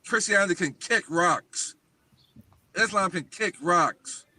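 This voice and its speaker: A man's voice: high voice, takes it slowly, bright, forceful tone, dry recording. A man talking as a guest on a livestream talk show, speaking emphatically and insistently.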